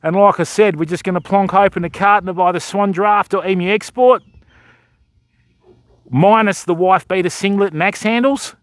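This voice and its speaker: A man's voice: sits high, normal speed, no room sound. A Western Australian man hosting a fishing livestream outdoors, bantering and joking with his chat. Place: outdoors by a river shore.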